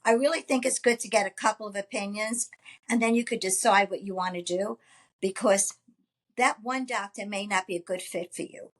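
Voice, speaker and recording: A woman's voice: medium pitch, moderate pace. Agreeable woman chatting on a podcast, backs up her co-host. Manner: agreeable, gives steady backing replies. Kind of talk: casual chat.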